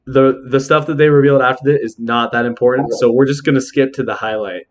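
A young man hosts a casual podcast at a mid-range pitch. He rambles excitedly and strings thoughts together with plenty of "like". It sounds like loose, unscripted chat among friends. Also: fast talker. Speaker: podcast host.

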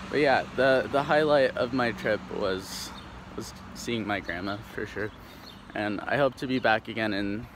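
Walking through a neighborhood, a young Pacific Northwest vlogger from Tacoma, Washington, USA, talks casually and rambles, full of fillers and false starts. He has a lowish, fairly bright voice, with faint outdoor sounds behind him.

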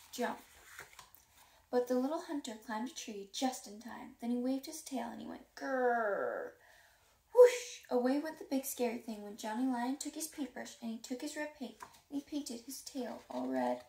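A woman reading a children's storybook aloud, lively and playing up the sound words and dialogue. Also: a little high, moderate pace, roomy sound, far from the mic, slight background noise. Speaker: reader.

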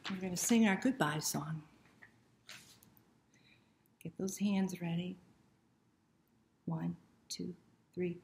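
A woman hosting a children's story time, talking gently and encouragingly to young children, sometimes dropping to a soft whisper. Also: lowish voice, fairly even intonation, takes it slowly, pauses often, reverberant, a little hiss or hum.

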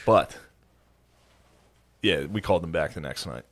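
A man's voice: extremely low pitch, lively intonation, unhurried, no echo. A man telling a rambling, profane anecdote in casual podcast chat. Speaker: podcast co-host.

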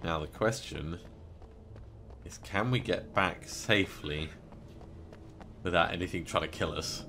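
A man with a very deep, gravelly voice talks through his gameplay in a relaxed, wry way. Faint noise sits behind his voice. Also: a little slow, pauses often. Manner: wry, joking asides. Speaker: let's play host. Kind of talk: casual gameplay commentary.

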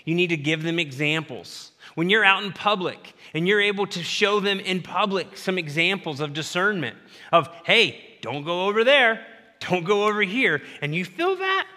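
A man preaching a sermon as pastor, animated, acting out little scenes with quick voices. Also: high-pitched. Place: church sanctuary. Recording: church hall reverb.

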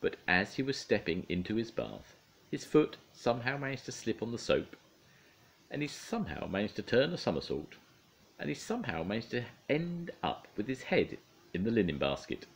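An older man, a grandfather, reading a children's bedtime story aloud in a playful, expressive way. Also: medium pitch, normal speed, slight background noise.

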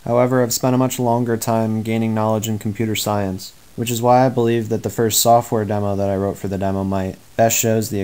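A teenage high school student narrating his own project presentation in a flat, measured monotone. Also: rough recording. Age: teens. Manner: measured, explanatory.

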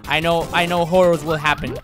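A man whose first language is Spanish, streaming a game live with excitable, theatrical commentary that jumps from muttering to yelping. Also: a little high, brisk. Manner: excitable and theatrical, swinging between mutters and yelps. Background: game music.

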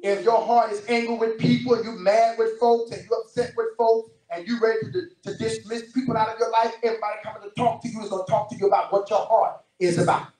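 High-voiced man preaching in an echoey church. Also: quick pace, few pauses, soft background music. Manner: animated, repetitive preaching with storytelling. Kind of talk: sermon. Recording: roomy distant church recording.

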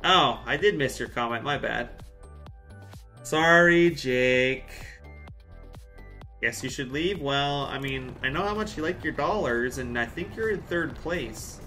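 A man's voice: mid-range voice, measured pace, sharp tone, soft background music. A man from Central Alberta chatting casually on a live game stream, answering chat with jokey asides. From Central Alberta, Canada. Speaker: game livestreamer.

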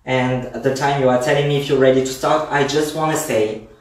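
A man's voice: medium pitch, fairly even intonation, fairly quick. A man from France with a French accent, teaching a line dance class from home in a chatty, effusive way and counting the steps aloud. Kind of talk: live-streamed dance class. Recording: roomy echo, mic at a distance.

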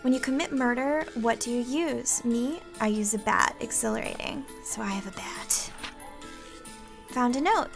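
Brief: woman game host, high and bright, jumpy and squealy, game music underneath. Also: normal speed, creaky. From United States. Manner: excitable, squeals and gasps, reads game text aloud. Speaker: gaming video host. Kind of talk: let's play commentary.

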